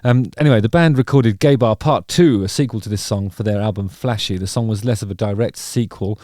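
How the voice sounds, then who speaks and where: A man's voice: on the low side, fairly quick, mellow, no echo, clean studio sound. A middle-aged man hosting a casual music video reaction, rambling and wry with playful digressions.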